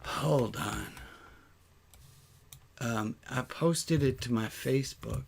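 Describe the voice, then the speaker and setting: A man's voice: medium pitch, slow, creaky, darkish tone, slight background noise. A man, a rabbi, talking casually on a livestream, earnest and emotional, thinking aloud as he points out places on a map and sometimes swearing.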